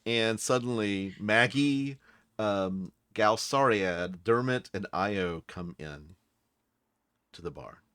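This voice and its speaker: A man's voice: on the low side, slow, fairly bright tone, clean tone, no echo. A man narrating as dungeon master of a tabletop game, laid-back and playful. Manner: laid-back, playful, slips into character voices.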